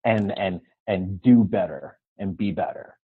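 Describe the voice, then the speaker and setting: A man with a low, husky voice tells his life story to an interviewer in an earnest tone. He acts out the conversations as he goes and keeps checking in with "right?". The sound is dry and narrow, as if it came over a phone line. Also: measured pace, no room sound. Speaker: guest.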